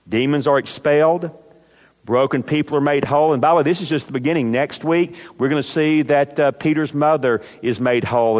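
A man preaching a sermon as pastor, speaking emphatically and rising to forceful commands. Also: fairly high pitch, in a large hall.

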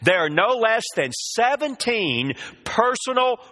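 A man's voice: very high-pitched, sing-song, takes it slowly, pushed and bright. A man preaching a sermon, drawing out the scripture quotes with emphasis.

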